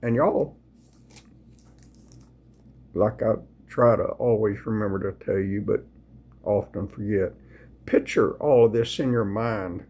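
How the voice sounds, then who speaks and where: Sleepy man, husky voice, folksy rambling scripture reader. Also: lowish voice, muffled recording. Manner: slow, folksy, rambling with restarts. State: sleepy, yawning. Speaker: video host sharing scripture. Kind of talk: casual devotional talk and Bible reading.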